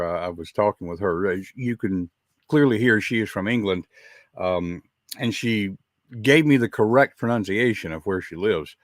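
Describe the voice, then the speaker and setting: A man's voice: on the low side, no room sound, studio quality. Folksy Southern American man hosting a show. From Southern United States. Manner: chatty, folksy, with frequent uh fillers. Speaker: podcast host. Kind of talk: live show introduction.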